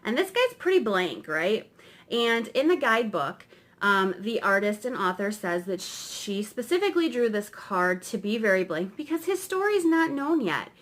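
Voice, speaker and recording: A woman's voice: medium pitch, sing-song, normal speed, fairly bright tone. A woman tarot reader explaining cards in a chatty, rambling way, often adding "right?". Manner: chatty, rambling, tag questions. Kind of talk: casual explanatory lesson.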